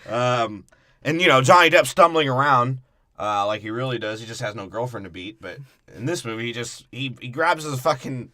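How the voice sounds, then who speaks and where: A man's voice: medium pitch, animated, moderate pace, bright, forceful tone, dry recording, clean studio sound. A man co-hosting a podcast, breaking down a movie in a crude, profane and mocking way. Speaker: podcast co-host.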